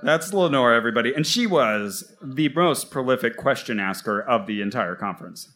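A man co-hosting a live podcast, telling a story on stage in a wry, animated way with mock quotes. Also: medium pitch, moderate pace. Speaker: podcast co-host. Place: stage before a live audience.

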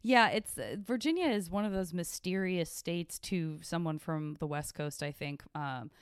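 A woman's voice: on the low side, moderate pace, clean tone, dry recording, studio quality. A woman from Arizona hosting a podcast interview, rambling playfully with many restarts and self-corrections. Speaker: podcast host. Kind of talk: casual interview chat.

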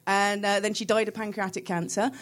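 A woman's voice: mid-range voice, flat delivery, a little fast. An English woman on a theater stage tells a loose, meandering anecdote at a live comedy panel. Her voice sits in a middle register, and she keeps the story moving with casual fillers. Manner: chatty, rambling anecdote with fillers.

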